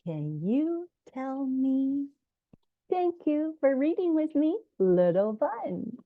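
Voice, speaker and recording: Lively woman reading a picture book. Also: sits high, takes it slowly, narrow, tinny audio. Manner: animated storybook reading with Mandarin words. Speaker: children's book author.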